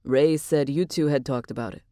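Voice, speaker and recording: A woman voicing an earnest, devoted young man in an audiobook, in a plain, even tone. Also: a bass voice, moderate pace, dry recording, clean studio sound, pitched below the performer's own voice. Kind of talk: audiobook character voice.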